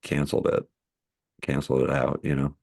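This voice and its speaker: A man with an extremely low voice chatting loosely on a film podcast. He rambles, stacking "like" fillers as he thinks aloud. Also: monotone, brisk, gravelly, a little mellow. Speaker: podcast co-host. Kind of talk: casual chat.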